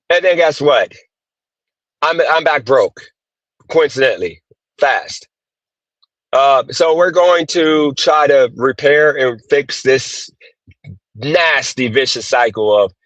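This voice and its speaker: A man's voice: medium pitch, no room sound. A man livestreaming from his car as a gig worker, ranting, cursing and repeating himself in frustration. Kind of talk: frustrated live-stream rant. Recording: dull dry phone audio.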